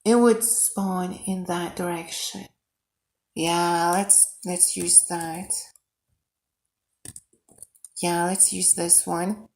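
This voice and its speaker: Excitable woman streaming her mod work. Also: on the low side, slow pace. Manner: excitable, thinks aloud, bursts into shouts; mutters quietly while working. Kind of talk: live coding stream.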